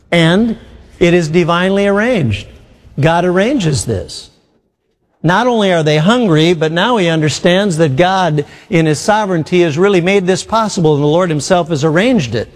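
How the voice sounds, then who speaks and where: A man's voice: high voice, animated. Preaching man in a reverberant hall. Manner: rhetorical questions, emphatic with slow drawn-out phrases. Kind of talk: sermon.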